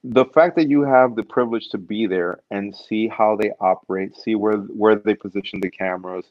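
A man with a lowish voice tells animated stories in a casual interview and acts out the quotes he gives. The sound is dull and muffled, and it is very dry. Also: normal speed, dry recording. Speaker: stunt performer guest.

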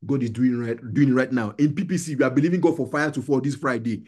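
Husky-voiced man preaching with fervor. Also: mid-range voice, fast talker, a little mellow. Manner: exhorting, repetitive preaching with call-and-response. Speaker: pastor. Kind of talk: sermon. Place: small church gathering.

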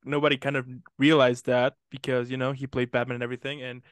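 A man hosts a casual chat show and asks rambling, eager questions. His voice is smooth and resonant at a middle pitch. The sound is dry and close. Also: little pitch movement, quick pace, dry recording. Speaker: interview host.

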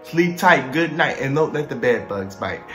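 A young man vlogging, telling a story with animated, exasperated delivery. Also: medium pitch, moderate pace, faint music behind. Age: young adult. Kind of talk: storytime vlog. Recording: roomy echo.

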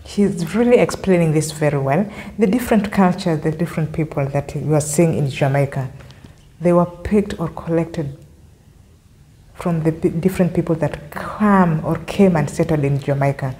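This is a woman hosting a reaction video, her voice sitting low and mellow. She walks through what she has just watched and explains it, often saying the same point twice to make it clear. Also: normal speed, poor audio. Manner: explanatory, repeats points to clarify. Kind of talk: commentary on a video clip.

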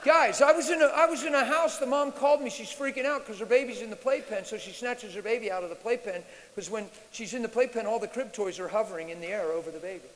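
Male preacher, high-pitched and bright, animated, occasionally shouts, live in a reverberant church hall. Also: fast talker, hardly any pauses. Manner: animated, shouts and mimics screams. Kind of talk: sermon Q&A. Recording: reverberant hall with faint hiss.

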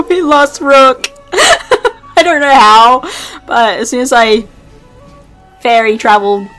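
A woman's voice: sits high, takes it slowly, fairly bright tone. A young woman giving casual let's play commentary, laughing constantly, swearing and teasing her companion. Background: game music.

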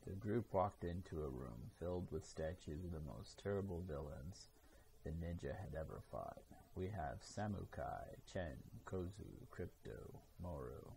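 Man reading a storybook, very low voice, gravelly, dark tone, faint noise. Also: lively intonation, measured pace, low-quality recording. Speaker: storybook reader. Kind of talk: read-aloud narration.

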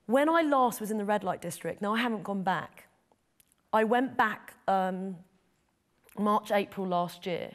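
A woman's voice: mid-range voice, measured pace. A middle-aged woman, a photojournalist, telling a personal story in an interview, earnest and heartfelt. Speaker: photojournalist guest.

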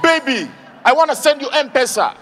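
Brief: male comic on stage, very high voice, lively and loud on the punchlines. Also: moderate pace, long reverb tail, a faint crowd, slight background noise. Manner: animated, shouting punchlines. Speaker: stand-up comedian. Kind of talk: stand-up comedy.

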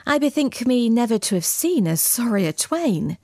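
A woman's voice: a little high, sing-song, normal speed, warm tone, no room sound, studio quality. Boastful knight voiced by a woman narrator. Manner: boastful, swaggering archaic speech. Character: boastful medieval knight, a young man.

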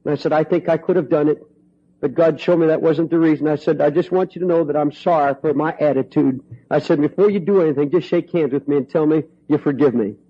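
A middle-aged male preacher telling a story from the pulpit, his voice sitting high for a man. He swings between hushed, tender passages and ringing, fervent cries. The recording is dull and lo-fi. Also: quick pace, husky. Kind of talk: storytelling sermon.

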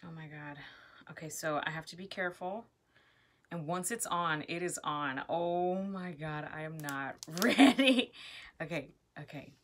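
A woman's voice: low-pitched, unhurried. A woman vlogging at home, nervously exclaiming and giggling as she reads product instructions aloud. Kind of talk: casual vlog, reading product instructions aloud.

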